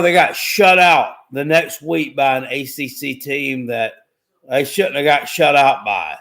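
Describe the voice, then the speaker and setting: Excitable man hosting live trivia. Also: fairly high pitch. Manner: excitable, swears casually, repeats himself. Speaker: livestream host. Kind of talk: casual trivia chat on a live stream.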